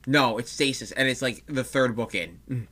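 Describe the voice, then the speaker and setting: Bright-voiced man in casual chat. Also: mid-range voice, moderate pace. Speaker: comic book podcast co-host.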